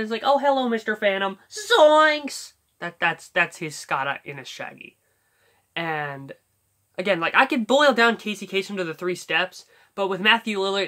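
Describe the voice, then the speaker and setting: Bright-voiced, rambling impressions tutor. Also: medium pitch. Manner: rambling, filler-heavy, thinks aloud and corrects himself. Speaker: YouTuber teaching voice impressions. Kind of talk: casual tutorial talk.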